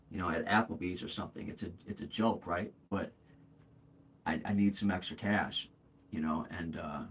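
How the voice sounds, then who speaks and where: This man in his forties hosts a casual livestream, talking in a rambling, candid way packed with fillers and restarts and addressing viewers as "bro" and "man." He has a deep voice with a breathy edge.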